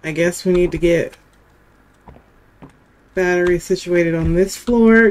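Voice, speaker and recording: A woman's voice: lowish voice, steady tone, slow, pauses often. A woman giving let's-play commentary on a game, jittery and casual, using slang and keeps saying how scared she is. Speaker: gaming video creator.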